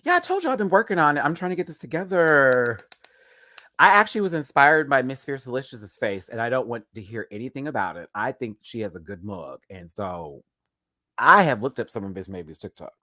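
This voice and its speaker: A man's voice: mid-range voice, very animated, a little fast, sharp tone, no echo. A young man giving a casual live-stream review of a reality show, sassy and chatty with camp slang, talking while doing his makeup.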